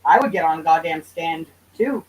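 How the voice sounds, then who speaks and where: A woman's voice: sits low, expressive, normal speed, recorded from a distance, muffled recording. A woman hosting a livestream in casual chat, answering viewers' comments in a loose, profane, bantering way. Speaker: livestream host.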